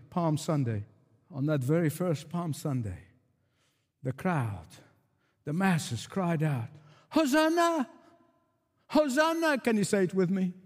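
A man's voice: a little high, darkish tone. A man preaching a sermon with emphatic, repeated rhetorical refrains. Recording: long reverb of a large hall.

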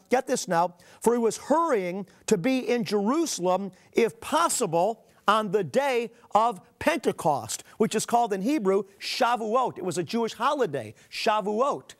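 A man preaching a sermon, earnestly reading scripture aloud and calling his listeners "beloved". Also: high voice. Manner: reads scripture aloud with emphatic pauses.

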